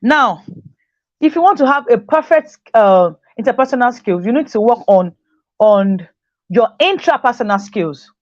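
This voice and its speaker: A woman's voice: on the high side, animated, normal speed, no echo. A woman, a teacher, giving a motivational talk to a group about communication skills, repeating her key points for emphasis and acting out the voices of people she quotes. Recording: dull, dry lo-fi recording.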